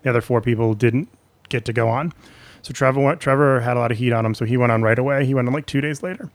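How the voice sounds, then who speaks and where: A comedian appearing as a guest tells stories during a casual chat, speaking quickly at a medium pitch with no echo. He animates his tales by acting out the people he quotes.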